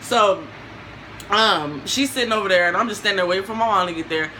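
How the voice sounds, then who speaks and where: A young woman telling a story in a casual vlog, animated and slangy, laughing often. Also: medium pitch, fairly quick, very noisy.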